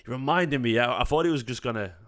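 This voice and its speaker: A man with a mid-range voice hosts a live football watchalong in an easy, casual tone. He chats along through the match, breaking into excited reactions at the play and thanking his viewers. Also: mid-range voice, quick pace. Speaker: fan channel host.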